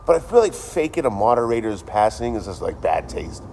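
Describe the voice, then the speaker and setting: Man, very deep voice, dry joking delivery, crude casual livestream chat, faint background noise. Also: very animated, fairly quick, creaky, darkish tone. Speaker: livestream host.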